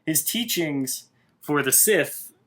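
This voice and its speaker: A man's voice: a little high, animated, slow, a bit bright. Hesitant man retelling a story. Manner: recounting, hesitant, stumbles over words. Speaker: co-host. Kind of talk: casual chat.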